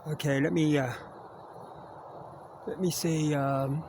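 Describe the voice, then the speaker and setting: With a somewhat high, steady voice and a slow delivery, a Canadian vlogger rambles through an outdoor video in the woods. He jokes and coaxes animals his way while filming on a handheld camera at arm's length, and wildlife and outdoor noise can be heard.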